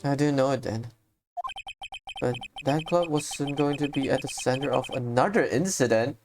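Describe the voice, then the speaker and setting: A woman's voice: very deep voice, moderate pace, darkish tone, faint music behind. A woman reading the narration of a young male rookie defense lawyer, wry and reflective.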